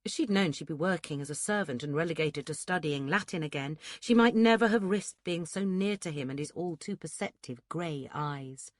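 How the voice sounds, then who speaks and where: A woman narrating a historical romance audiobook in a steady, measured storytelling manner. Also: low-pitched, no echo, clean studio sound. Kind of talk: scripted narration.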